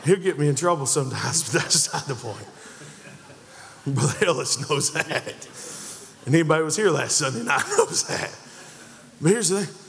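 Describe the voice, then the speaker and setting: A man preaching a sermon in a church, building emphasis and acting out the voices of the figures he quotes. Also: on the high side. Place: church sanctuary. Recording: long reverb of a church hall.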